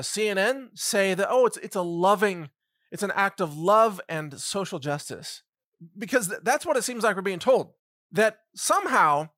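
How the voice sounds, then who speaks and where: A man with a high, sharp, bright voice runs a one-man commentary. He is sarcastic throughout and piles up rhetorical questions with short chuckles. The sound is close and dry, with no room echo. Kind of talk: solo commentary monologue.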